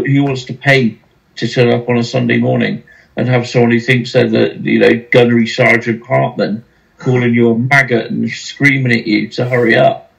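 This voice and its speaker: A man's voice: mid-range voice, gravelly, dull audio. A male podcast host talking casually and wryly about running a site.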